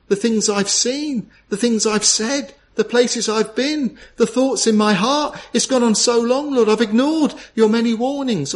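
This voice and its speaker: Earnest preacher, higher voice. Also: male voice. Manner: earnest, pleading, many rhetorical questions. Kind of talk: sermon.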